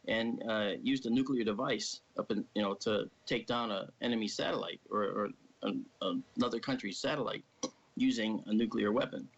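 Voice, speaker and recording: A man telling a long personal story casually on a live stream, animated and acting out the people he quotes. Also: mid-range voice, vocal fry. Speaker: guest. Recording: dull lo-fi stream audio.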